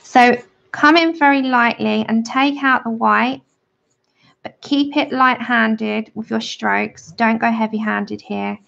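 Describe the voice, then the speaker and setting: A woman's voice: on the high side, steady tone, takes it slowly, gravelly, a bit bright. A woman giving a chatty, friendly drawing tutorial on a livestream. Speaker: art tutor. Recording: dull lo-fi livestream audio.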